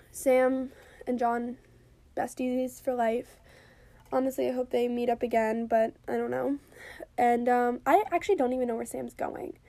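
A woman whose voice sits on the high side discusses a TV episode in a loose, lively chat while drinking. Profanity flows freely, and "like" fills her sentences.

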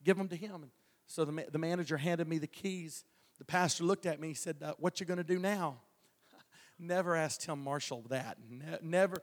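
A male evangelist gives his testimony from the pulpit in a folksy way, stammering into restarts and chuckling as he preaches. His voice is a little high at normal speed, with long hall reverb on the recording.

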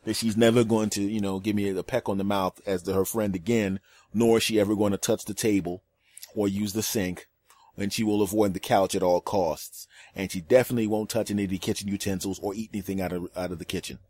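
A man's voice: lowish voice, fairly even intonation, a little fast, mellow, no echo. A man hosting a podcast, telling a comic story in an exasperated, ranting way and swearing for effect. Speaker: podcast host. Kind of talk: comedic storytelling monologue.

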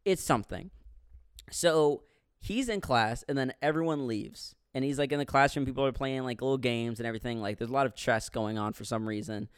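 A man in casual podcast chat, retelling a movie scene by scene and acting out the characters with sudden loud, swearing outbursts. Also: mid-range voice, fairly quick, smooth, no echo, clean studio sound. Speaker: podcast co-host reviewing a movie.

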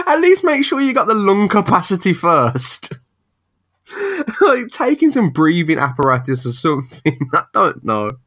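Giggly animated man. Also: sits high, unhurried. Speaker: podcast co-host. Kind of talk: casual comic-book chat.

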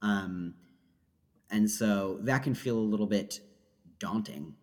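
A man's voice: lowish voice, slow, in a large hall. A young man who is a podcast guest, chatting in a playful, jokey and self-deprecating way. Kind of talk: casual podcast chat.

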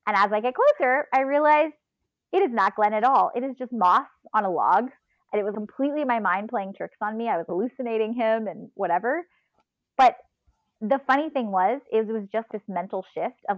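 A woman telling a long personal story in a casual, animated way, laughing and acting out her own inner voice. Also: medium pitch, fairly quick, no echo, dull audio. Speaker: podcast guest, ultrarunner.

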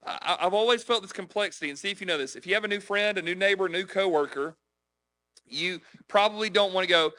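With a high, pushed, bright voice at normal speed, a South Carolina man delivers a chatty sermon on evangelism. He shares personal stories and keeps looping in the audience with frequent "right? okay?" check-ins.

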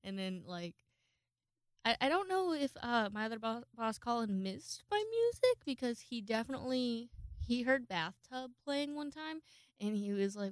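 A woman's voice: a little high, big pitch swings, moderate pace, clean tone, no room sound. A young woman hosting a casual solo podcast, rambling and swearing with self-deprecating laughs and restarts. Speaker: podcast host.

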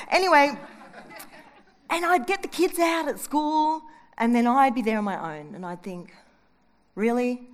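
A middle-aged woman preaching a sermon in a lively, conversational way, full of personal stories and asides to her listeners. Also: sits high.

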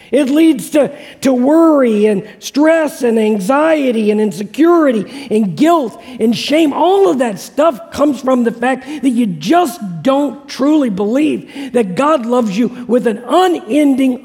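High-voiced pastor preaching in a reverberant hall. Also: male voice, darkish tone. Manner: conversational, repeats key phrases, asks congregation questions. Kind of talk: sermon.

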